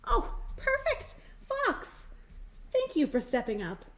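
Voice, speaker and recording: Woman, children's librarian, high lively storyteller. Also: takes it slowly, a little hiss or hum. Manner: bright, animated, plays up the characters.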